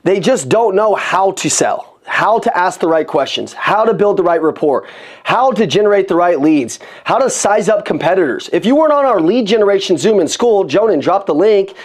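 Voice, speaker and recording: High-pitched, fired-up sales coach. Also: male voice. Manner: energetic, rapid-fire, repeats phrases for emphasis. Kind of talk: motivational sales talk. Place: room with an audience.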